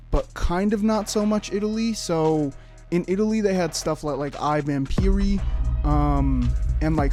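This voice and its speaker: Casual man, YouTuber, joking, rambling, swearing, a bit higher voice, faint music behind. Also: warm tone. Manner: joking, rambling, profane, filler-heavy. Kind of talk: casual video essay.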